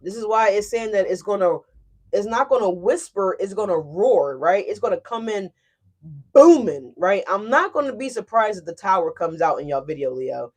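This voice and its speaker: In a fairly quick, mid-range voice, a tarot reader walks her audience through a casual reading with plenty of animation and emphasis. Frequent "right?" check-ins and free swearing mark her style.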